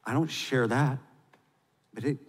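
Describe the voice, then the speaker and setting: A man preaching a sermon as pastor, swinging between loud, fervent exhortation and quiet, intimate confession. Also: mid-range voice, steady tone, measured pace, slightly rough, big-room sound.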